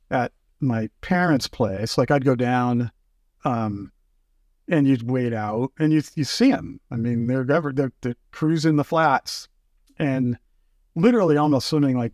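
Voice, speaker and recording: A man telling fishing stories as a podcast guest, in casual chat, animated and full of fillers. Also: mid-range voice, moderate pace, no echo, studio quality. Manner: animated, acts out quotes, many fillers.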